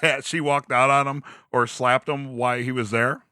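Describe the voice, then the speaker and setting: A man's voice: medium pitch, fairly even intonation, moderate pace, bright, forceful tone, smooth, no echo. A man hosting a casual podcast chat, laughing often as he talks. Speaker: podcast host.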